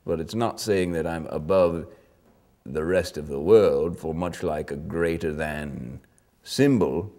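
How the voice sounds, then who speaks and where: An actor playing a pompous, rambling old British army sergeant in a mock interview, with a British accent. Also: male voice, a bass voice, slow, mellow.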